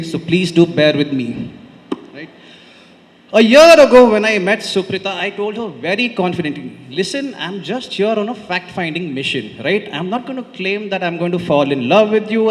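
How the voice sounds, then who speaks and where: A young man with a Konkani Indian English accent giving a heartfelt wedding reply speech at a podium, often adding "right?". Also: on the high side. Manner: heartfelt, tag questions "right?". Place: large banquet hall. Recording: long reverb of a large hall.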